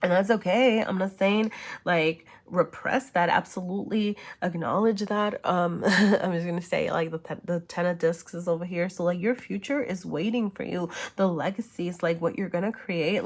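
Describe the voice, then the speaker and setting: A woman giving a casual tarot reading, chatty and reassuring, speaking straight to the viewer with lots of fillers and check-ins, sniffling a little. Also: fairly low pitch. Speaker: tarot reader.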